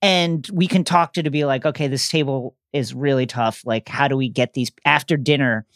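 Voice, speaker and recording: Wry, relaxed male podcast host. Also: mid-range voice, normal speed, no room sound, studio quality. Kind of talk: casual chat.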